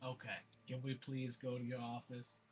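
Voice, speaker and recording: A man's voice: medium pitch, monotone, normal speed, music in the background, pitched below the performer's own voice, lightly acted. A man voicing his character, a brash, hot-tempered street brawler who rants in long, profane, rambling bursts. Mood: grumbling.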